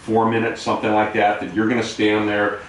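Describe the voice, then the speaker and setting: A man with a lowish voice telling a navy anecdote, pressing his points with emphatic asides. He sounds distant from the mic in a strongly echoing room, with light background hiss. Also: monotone, fairly quick. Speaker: interviewer and navy veteran. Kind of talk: casual storytelling.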